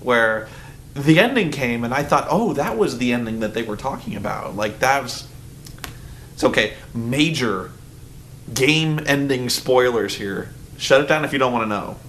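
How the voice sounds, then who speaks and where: A man's voice: mid-range voice, animated, moderate pace, a bit bright, a little hiss or hum. Rambling man reviewing a movie. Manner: rambling and loose, full of "like" and swearing. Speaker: film reviewer. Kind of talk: casual spoken movie review.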